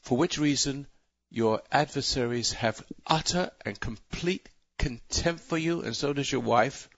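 A man's voice: medium pitch, unhurried, a bit bright, dry recording, muffled recording. A man hosting a call-in radio show, lecturing in a rambling, preachy way and often breaking off mid-sentence. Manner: rambling, self-interrupting, preachy. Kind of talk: talk radio monologue.

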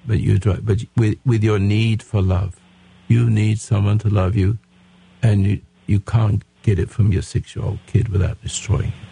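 Gravelly, husky old man lecturing bluntly. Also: fairly low pitch, flat delivery, normal speed, dark tone. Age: 80s. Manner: blunt, lecturing, with frequent restarts. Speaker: radio advice host. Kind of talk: radio call-in advice.

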